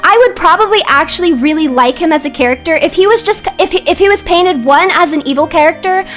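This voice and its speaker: A young woman streaming, ranting heatedly about characters in a casual way and sometimes rising to shouts. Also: very high-pitched, quick pace, soft background music. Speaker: vtuber streamer.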